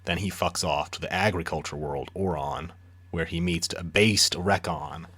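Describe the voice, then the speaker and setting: A man's voice: sits low, normal speed, a bit bright, slightly rough. A man co-hosting a podcast, recapping a book's plot in loose, profane casual chat. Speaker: podcast co-host. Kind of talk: casual book discussion chat.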